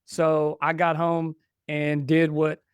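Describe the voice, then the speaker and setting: A man's voice: on the high side, takes it slowly, smooth, dry recording, studio quality. A man in his forties, a podcast guest, telling stories in casual chat and acting out the dialogue. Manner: animated, acts out dialogue in stories.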